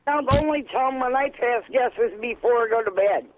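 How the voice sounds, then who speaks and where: A woman calling in to a chat show, talking earnestly in halting bits and repeating herself. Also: a little high. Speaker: caller. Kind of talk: casual chat on a call-in show. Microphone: telephone. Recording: tinny phone line.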